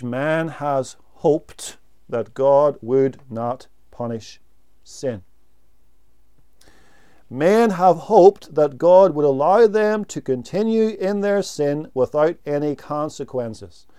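Slow, deliberate male preacher. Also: a little high, expressive, dark tone, clean tone. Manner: slow, deliberate preaching with emphatic pauses on single words. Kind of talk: sermon.

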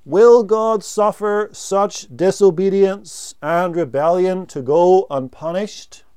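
A man preaching a sermon, slow and deliberate, pausing to stress single words. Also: high voice, darkish tone, clean tone.

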